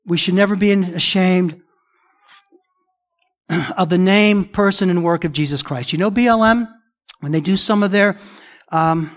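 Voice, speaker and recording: A middle-aged man preaching a sermon, emphatic and repeating phrases for stress. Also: sits high. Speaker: pastor.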